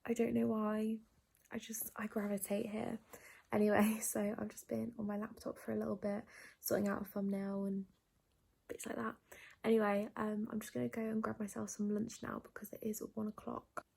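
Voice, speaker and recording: A young woman vlogging casually from her bedroom into a phone camera, often dropping into a soft, half-whispered chat. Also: medium pitch, flat delivery, moderate pace, vocal fry, slightly rough. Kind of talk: casual day-in-the-life vlog chat. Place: bedroom at home.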